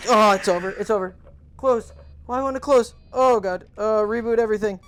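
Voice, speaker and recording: A woman's voice: on the high side, moderate pace. A woman hosting a gaming channel, reacting live to a horror game in casual slang, with frequent frightened exclamations and outbursts. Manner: talks to chat, casual slang.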